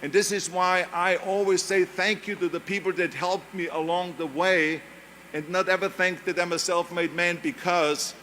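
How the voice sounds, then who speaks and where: A man's voice: high voice, a bit bright, a little hiss or hum. A man with a German accent giving a motivational speech, emphatic and repeating key phrases. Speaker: speaker.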